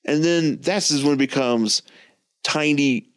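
A man's voice: a little high, measured pace, smooth. A man co-hosting a podcast, casually retelling a comic story with lots of restarts and asides. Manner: rambling, frequent restarts, animated retelling. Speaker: podcast co-host. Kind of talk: casual comic book discussion.

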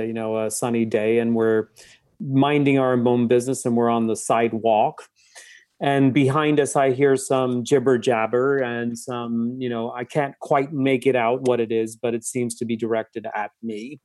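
Male therapist guest, mid-pitched, thoughtful, restarts often, dry close sound. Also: fairly even intonation, normal speed, a little mellow, no room sound. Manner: reflective, with frequent restarts and fillers. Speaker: guest psychotherapist. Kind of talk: conversational storytelling.

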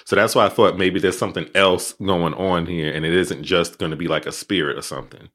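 A man's voice: sits low, fairly even intonation, a little fast, a bit bright. A man co-hosting a podcast in casual chat, laid-back and agreeable.

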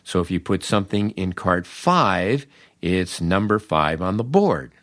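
A weary male radio engineer explaining the equipment step by step, as a man acts him out. The voice is low-set but lively, and carefully patient. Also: measured pace.

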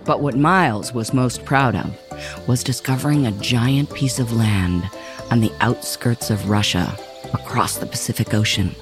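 A man narrating a children's story in an expressive, measured reading. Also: mid-range voice, over music.

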